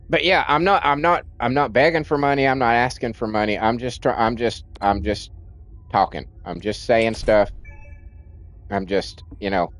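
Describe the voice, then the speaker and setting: A man's voice: mid-range voice, unhurried, fairly bright tone. A man streaming a game, venting in a rambling rant full of restarts and swearing, and in nicotine withdrawal. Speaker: livestream gamer.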